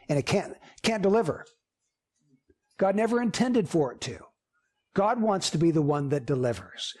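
A man's voice: sits high, darkish tone. A man preaching a sermon as pastor, earnest and emphatic, with repeated phrases.

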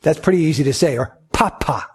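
A man's voice: sits high, expressive, moderate pace, a little mellow, breathy edge. A man preaching a sermon, earnest and emphatic, driving points home with repetition. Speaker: pastor.

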